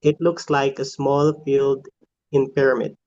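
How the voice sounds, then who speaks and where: Slow flat-reading man. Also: medium pitch, no room sound. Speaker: student reader. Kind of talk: reading definitions aloud. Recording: dry, dull lo-fi sound.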